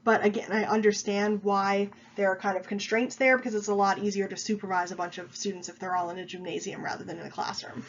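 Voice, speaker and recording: A woman's voice: medium pitch, fairly bright tone, a little hiss or hum. A woman college instructor giving a recorded online lecture, explaining with frequent fillers, slightly congested from a cold. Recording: dull lo-fi sound.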